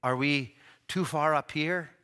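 Animated, bright-voiced male preacher. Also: slow pace, clean tone. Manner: animated storytelling, voice climbing high at dramatic moments; drops to soft low tones for tender quotes. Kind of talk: sermon.

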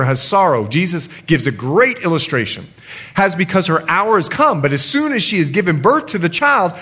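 Male pastor, higher voice, very animated sermon delivery. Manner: animated preaching, acts out the speakers in his stories.

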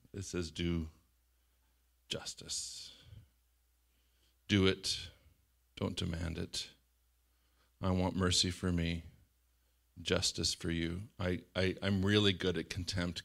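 Middle-aged male preacher, animated sermon delivery, bright forward tone. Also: low-pitched, vocal fry. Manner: animated, shouts out quoted lines, laughs often. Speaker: pastor.

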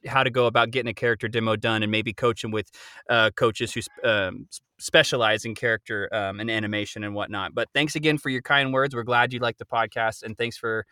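Bright-voiced man co-hosting a podcast. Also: mid-range voice, steady tone, a little fast, clean tone, no room sound, clean studio sound. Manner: easygoing, encouraging, many fillers. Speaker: podcast co-host. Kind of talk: casual podcast chat.

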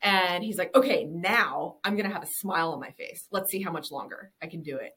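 A woman's voice: fairly low pitch, fairly quick, fairly bright tone. A woman in her thirties, a business owner interviewed on a podcast, talks candidly, swears freely and laughs often. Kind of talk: casual interview.

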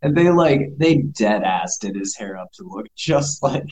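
A man's voice: mid-range voice, expressive, measured pace, a little mellow, poor audio. A man chatting casually as a co-host, loose and slangy with lots of fillers. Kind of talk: casual chat.

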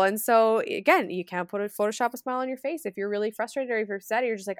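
A young woman talks fast and chatty, rattling through stories and slipping into quick acted-out voices. The recording is close and dry, with no room sound around her. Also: fairly high pitch, no room sound. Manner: chatty, animated storytelling with acted quotes. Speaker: podcast co-host, wedding planner. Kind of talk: casual chat.

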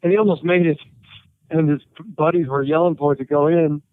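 A man, a writer and interview guest, telling animated anecdotes and quoting people as he goes. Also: a little high, brisk, no echo. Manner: animated anecdotes with quoted voices and laughter. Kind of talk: storytelling interview. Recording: tinny phone-like line.

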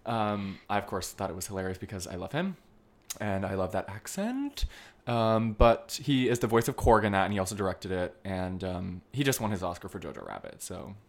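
Deep-voiced man hosting casually. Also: sing-song, fairly quick, gravelly. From Vermont, United States. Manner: loose and playful, frequent ums, swears casually. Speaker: podcast host. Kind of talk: casual chat.

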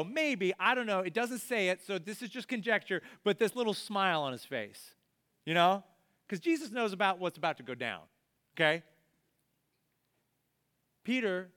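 Guy preaching in church, high clear voice, super casual storytelling, does little voices for the people in the story. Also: a bit bright. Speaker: pastor. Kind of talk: conversational sermon. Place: church service before a congregation. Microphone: body-worn microphone.

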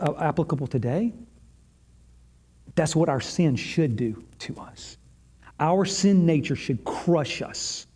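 A man preaching a sermon, retelling scripture dramatically with long pauses, moving from fervent loud passages to hushed whispers. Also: on the high side, husky. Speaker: pastor.

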